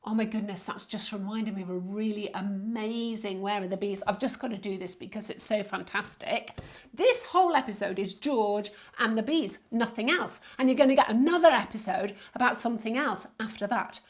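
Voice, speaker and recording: A woman's voice: mid-range voice, moderate pace. A woman minister hosting a children's show, talking in a playful, exclaiming way. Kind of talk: lively children's presenting.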